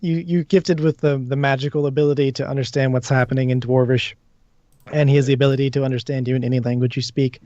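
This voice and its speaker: A man runs a tabletop game, describing the scene in halting bits. His voice sits at mid pitch and the audio is dry and dull. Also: little pitch movement, mellow, dry recording. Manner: hesitant, many ums. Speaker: dungeon master. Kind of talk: narrating a live tabletop game.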